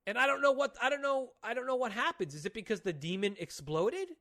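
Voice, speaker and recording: A man co-hosting a podcast in casual chat, excitedly and profanely retelling comic book plots at length. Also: very high-pitched, quick pace. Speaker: podcast co-host.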